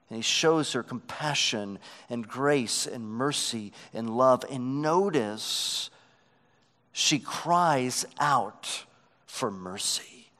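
Male pastor, high-pitched voice, unhurried delivery, sermon in a long-reverb sanctuary. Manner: preaching with emphatic swells and dropping to quiet lows.

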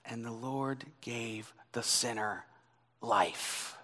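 Slow, bright-voiced male preacher in a reverberant hall. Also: medium pitch. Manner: dramatic, swinging from loud emphasis to hushed near-whisper. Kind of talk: sermon.

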